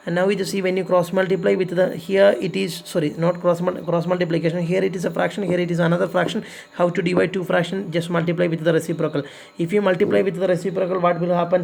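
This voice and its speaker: A man's voice: high voice, creaky, a little mellow. A man teaching a recorded math lesson, explaining patiently step by step, repeating himself and pleading with students to practise.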